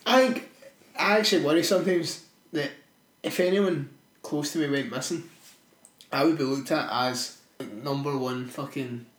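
A Scottish man in his twenties co-hosting a casual podcast, swearing freely and telling dark jokes. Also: a little high, normal speed, long pauses, echoey room, low-quality recording. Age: 20s. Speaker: podcast co-host.

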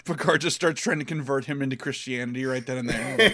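A man's voice: mid-range voice, fast talker, sharp tone. A man co-hosting a podcast in casual chat, rambling and joking as he goes. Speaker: podcast co-host.

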